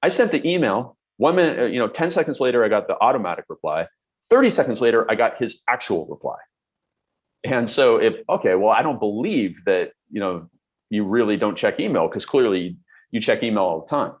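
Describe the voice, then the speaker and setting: A man's voice: on the low side, sing-song, normal speed, dull audio. A middle-aged man coaching on productivity, talking bluntly and emphatically with everyday examples. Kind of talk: direct-to-camera advice talk.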